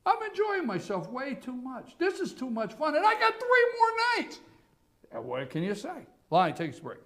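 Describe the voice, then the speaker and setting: A man hosting a morning talk show, ranting sarcastically and loudly about politics. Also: very high voice, wildly swooping pitch, normal speed. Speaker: radio talk show host. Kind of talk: political commentary monologue.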